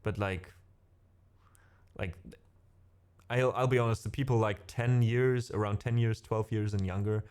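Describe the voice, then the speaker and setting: A man's voice: on the low side, steady tone, unhurried, long pauses, darkish tone, clear, resonant tone. A middle-aged man with a German accent, a musician chatting casually with his stream viewers, rambling with lots of fillers. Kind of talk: casual chat with live chat.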